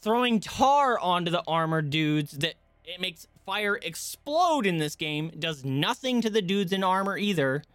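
A man's voice: high-pitched, expressive, unhurried, hardly any pauses, fairly bright tone, smooth, no room sound. A male streamer giving live gameplay commentary, ranting and swearing in frustration. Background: faint game music.

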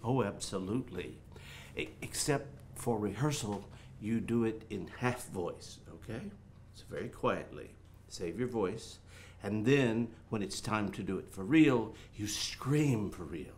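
A man's voice: lowish voice, animated, unhurried. An actor playing a pompous, self-important film director who coaches his cast in a condescending way. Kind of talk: student film acting.

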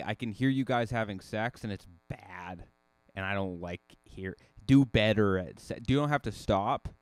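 A man hosting a casual solo podcast, telling a rambling story full of restarts and sudden rises in pitch. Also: smooth, no echo. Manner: rambling, self-correcting storyteller with lively jumps in pitch. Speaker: podcast host.

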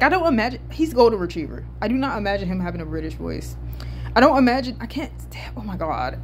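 A woman's voice: medium pitch, a little hiss or hum. A woman from the southern United States giving casual reaction commentary, swearing freely and stuttering as she rambles. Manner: animated, swearing, laughing, stuttering.

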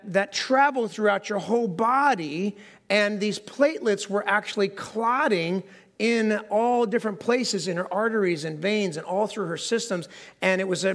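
A pastor delivering a sermon to his congregation, talking in a relaxed, conversational way and poking fun at himself. His speaking voice sits quite high for a man. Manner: conversational, self-deprecating, asks the congregation questions. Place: church sanctuary before a congregation.

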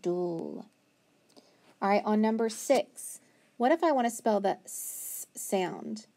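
A woman teaching a phonics lesson to young children, patient and encouraging, sounding out letters slowly. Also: fairly high pitch, lively intonation, dark tone.

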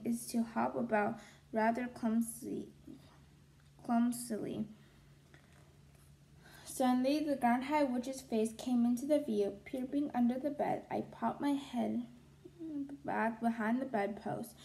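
A woman reading a children's novel aloud, slowly and carefully, with small restarts. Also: fairly high pitch, warm tone. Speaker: storybook reader.

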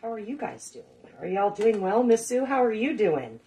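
A woman's voice: medium pitch, big pitch swings, normal speed, dark tone. A middle-aged woman hosting a casual cooking livestream, chatting with viewers, swearing casually and laughing often. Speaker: cooking show host.

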